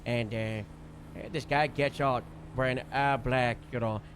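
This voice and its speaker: A man casually recounting a role-play shift as a streamer, rambling with lots of fillers and animated bursts. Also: medium pitch, a little slow, background noise. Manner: rambling, full of "you know" and "like" fillers; animated retelling with sudden loud bursts. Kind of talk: casual storytelling recap.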